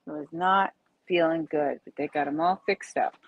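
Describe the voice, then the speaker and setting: A woman's voice: sits low, normal speed, dull audio, slight background noise. A playful, teasing woman co-hosting a casual livestream chat over a video call. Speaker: co-host.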